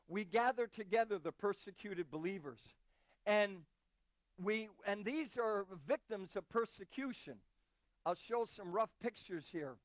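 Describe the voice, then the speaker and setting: A man's voice: high voice, no echo. A man preaching a sermon as a visiting missionary, emphatic and repeating key phrases. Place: church.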